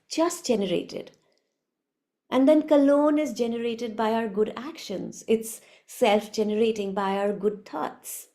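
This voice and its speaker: A woman giving a reflective spiritual talk as a teacher, soft-spoken and unhurried. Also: a little high.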